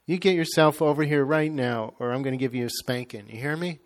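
A man's voice: mid-range voice, a little fast, lightly acted. A man reading a story aloud, voicing a poor, tired mother with plain homespun speech. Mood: scolding. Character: poor, weary young mother, stern then tender.

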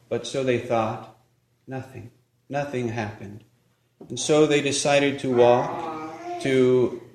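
A man, a priest, giving a sermon at Mass, preaching in a measured way with pauses and occasional self-corrections. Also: mid-range voice, darkish tone, reverberant, slight background noise, poor audio. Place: church.

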